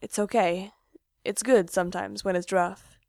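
A teasing, brash young man, put on by a woman narrating a story. The voice stays near her own middle pitch. The recording is dry and close. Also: steady tone, a little slow, creaky, a little mellow, no room sound. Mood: hushed.

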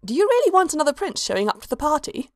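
A woman voicing an older woman scholar who speaks quickly and archly. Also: high voice, big pitch swings, a little mellow, no room sound, studio quality, pitched above the performer's own voice. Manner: quick, arch.

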